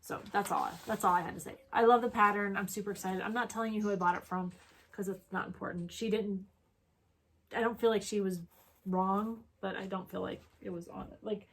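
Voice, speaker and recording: A woman's voice: medium pitch, steady tone, a little fast. A woman co-hosting a casual crafting chat, talking in a rambling way with restarts. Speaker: co-host.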